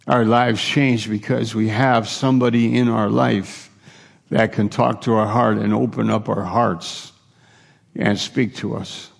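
A man's voice: on the low side, steady tone, measured pace, gravelly, big-room sound. A man preaching a sermon earnestly, acting out the dialogue of Bible figures and restarting his phrases often.

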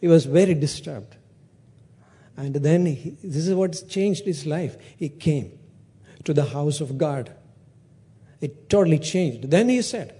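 A man's voice: fairly high pitch, a little slow, pauses often, warm tone, slightly rough. A man preaching a sermon, retelling a parable with acted-out dialogue and frequent restarts.

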